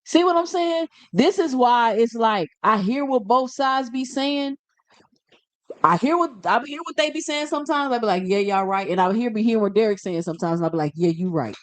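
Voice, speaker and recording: A woman's voice: fairly high pitch, animated, a little fast, dry recording. Blunt woman host asking pointed questions. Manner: blunt, fires rhetorical questions. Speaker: reaction show host. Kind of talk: casual live commentary.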